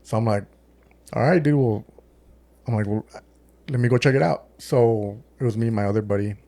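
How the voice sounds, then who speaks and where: A man's voice: fairly low pitch, steady tone, a little fast, warm tone, dry recording. A man with a West Texas accent telling a story on a podcast, swearing often and using lots of "like" and "dude". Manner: swears often, acts out quotes with many "like" and "dude". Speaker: podcast co-host, former deputy. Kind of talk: casual storytelling chat.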